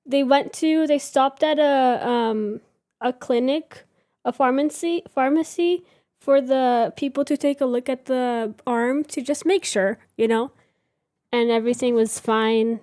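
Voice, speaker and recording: A woman's voice: high-pitched, a little slow, warm tone, no echo, clean studio sound. A woman in her thirties hosting a livestream from home, chatting casually and giggling as she answers her viewers. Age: 30s. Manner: chatty, giggly, reads chat aloud. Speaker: livestream host. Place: home room with reading chair.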